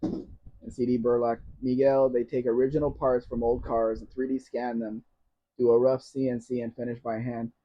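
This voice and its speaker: A man with a medium-pitched, flat voice hosts a live Q&A stream at a moderate pace, reading viewer comments aloud and replying in a chatty way with dry jokes. There's a little hiss or hum, and the audio sounds dull and lo-fi, like a basic stream setup.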